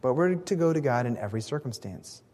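Speaking fast and animated, this pastor has a mid-range voice with a darkish tone. He preaches earnestly and emphatically, leaning on key words and sometimes starting a phrase over, with long hall reverb around him.

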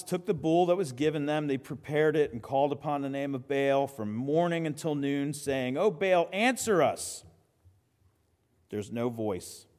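A man preaching a sermon as pastor, lively and conversational, with quick asides and frequent restarts. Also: medium pitch, long reverb tail.

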